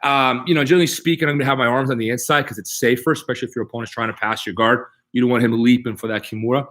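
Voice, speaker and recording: Very fast and fairly bright, with a steady medium-pitched tone, a middle-aged jiu-jitsu instructor leads a live online martial arts class. He demonstrates and breaks down techniques step by step, tagging repeated key points with "right?"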